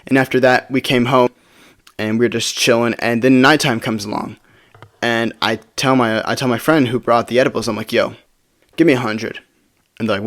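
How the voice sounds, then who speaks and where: A man's voice: medium pitch, fairly even intonation, moderate pace. A young man telling a personal story in a casual, rambling way, often stumbling and restarting his words. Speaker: storytime video creator.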